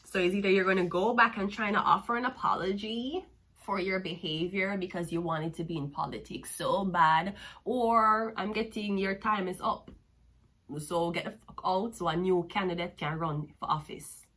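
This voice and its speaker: A woman with a Jamaican accent gives a tarot reading in a bright, forceful voice at medium pitch and normal speed. She's profane, mocking, and sassy, taunting her listener between card pulls.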